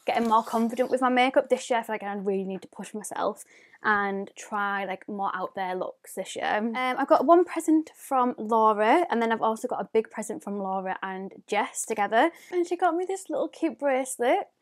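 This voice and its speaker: A woman's voice: a little high, expressive, moderate pace. A woman, chatting casually and rambling as a beauty vlogger showing off her presents. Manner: chatty, rambling, lots of "like" fillers. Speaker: beauty YouTuber. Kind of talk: casual unboxing vlog.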